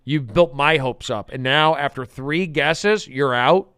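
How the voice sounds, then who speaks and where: A man hosting a comedic podcast in a studio, intense and repetitive, swinging from muttering to loud outbursts. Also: medium pitch, unhurried, few pauses, clear, resonant tone, no echo. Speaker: podcast host.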